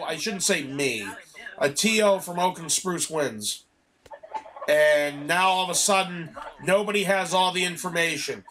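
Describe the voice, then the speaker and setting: A man talks with a friend in a loose, casual way while he plays a video game. His voice sits high and sounds sharp and bright. He tells his story with animated energy and curses freely. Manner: animated storytelling, heavy swearing. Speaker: gamer chatting while playing. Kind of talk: casual chat.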